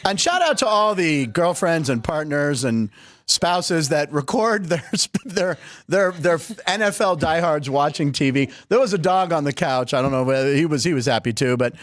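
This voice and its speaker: A man's voice: on the high side, normal speed, no room sound, studio quality. A middle-aged man hosting a sports show, telling stories in a chatty, joking way. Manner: chatty, jokey, animated storytelling. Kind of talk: casual sports talk.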